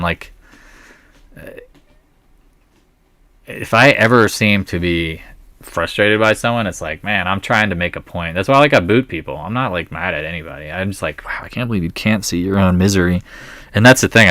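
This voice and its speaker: A man's voice: sits low, fairly bright tone, no room sound. A man hosting a live market stream, thinking aloud in a wry, blunt way as he reads through earnings.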